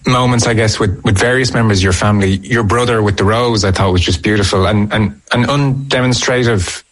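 A man interviewing a guest, speaking in a gentle, reflective way with short affirmations. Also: on the low side, brisk, rough recording.

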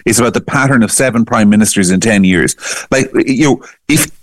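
Guy, low voice, stumbles over repeats when he gets going, dry mic. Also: brisk, dry recording. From Ireland. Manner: emphatic, repeats words when starting sentences. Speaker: guest commentator. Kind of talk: opinionated political talk.

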